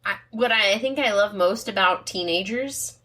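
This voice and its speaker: A woman's voice: mid-range voice, normal speed, pushed and bright. A middle-aged woman co-hosting a podcast, chatting casually over wine, rambling off on tangents and laughing at her own jokes. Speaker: podcast co-host.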